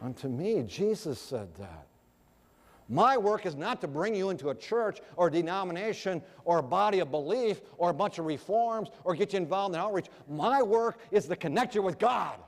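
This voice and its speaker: A man's voice: high voice, lively intonation, normal speed. A man preaching a sermon earnestly, asking the audience rhetorical questions. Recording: echoey hall reverb.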